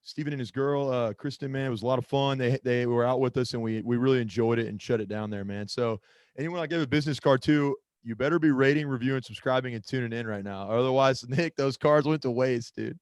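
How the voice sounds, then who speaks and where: A man's voice: medium pitch, steady tone, quick pace, darkish tone, no room sound. Rambling, chatty man on a sports podcast. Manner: rambling, self-interrupting, loses his train of thought. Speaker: podcast co-host. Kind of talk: casual sports podcast chat.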